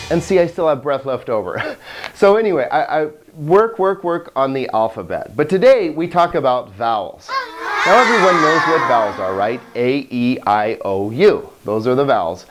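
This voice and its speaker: Lively middle-aged man teaching Greek. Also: medium pitch, moderate pace, slight background noise. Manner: lively, chuckling, enthusiastic explainer. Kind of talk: recorded video lesson.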